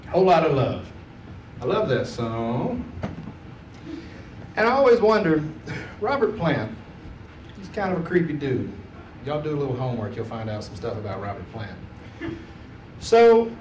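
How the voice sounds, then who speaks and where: A man's voice: on the high side, darkish tone, slight background noise. A man doing a laid-back, chatty stand-up set on a comedy club stage, laughing at his own jokes. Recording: roomy club sound from a distance.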